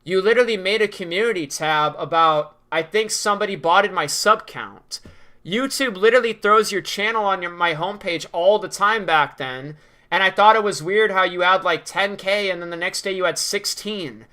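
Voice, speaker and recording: A man's voice: sits high, normal speed, bright, forceful tone, clean tone. A young man ranting in a commentary vlog, sarcastic, profane and mocking. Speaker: video creator.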